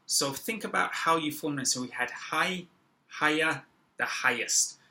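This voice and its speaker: A man teaching an English grammar lesson, speaking slowly and stressing each example word. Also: a little high, pushed and bright, rough recording. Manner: slow, deliberate, stressing example words. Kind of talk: classroom-style grammar lesson.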